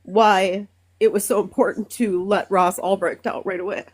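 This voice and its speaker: A woman from Minnesota calling in to a live stream, speaking earnestly and emotionally with halting fillers. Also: mid-range voice, fairly even intonation, a little mellow, breathy edge. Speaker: caller. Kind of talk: casual call-in talk.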